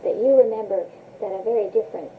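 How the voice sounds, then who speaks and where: A woman interviewing a family member and asking quick prompting questions. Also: mid-range voice. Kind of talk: casual interview. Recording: tinny old cassette tape with hiss.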